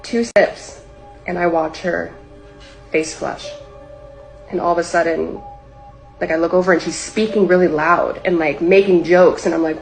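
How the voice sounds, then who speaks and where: Gravelly low-voiced woman telling a story. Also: fairly even intonation, moderate pace, pauses often, faint music behind, rough recording. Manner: rambling, heavy use of filler "like", acts out her own past lines. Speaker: singer telling a personal story.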